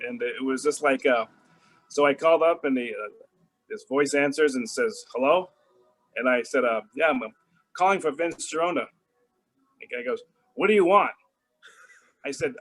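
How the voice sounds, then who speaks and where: Speaking at a medium pitch with a bit of brightness, a middle-aged man shares a casual story as an interview guest over poor audio. It meanders through restarts and fillers, and he plays out the phone calls by doing the voices.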